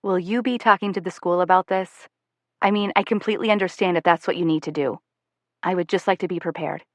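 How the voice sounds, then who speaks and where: An earnest young teacher in an audiobook, voiced by a woman. He talks quietly and carefully, a little apologetic. The recording is dry and close. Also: fairly low pitch, fairly even intonation, a little fast, no echo, natural voice. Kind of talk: audiobook character voice.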